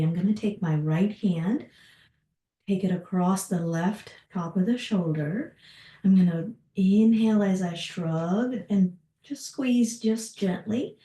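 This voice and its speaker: Calm woman leading a Pilates class. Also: on the low side, unhurried. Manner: calm, encouraging, cueing breaths and movements. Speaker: Pilates instructor. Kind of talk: guided exercise class. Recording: roomy, from a distance.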